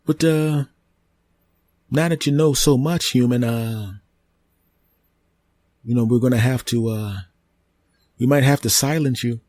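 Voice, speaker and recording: A man's voice: medium pitch, unhurried, long pauses, darkish tone, dry recording, voice pushed up, lightly acted. A man voicing a sly, scheming talking tree in a comedy sketch, smug and menacing. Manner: smug, wheedling, raised voice.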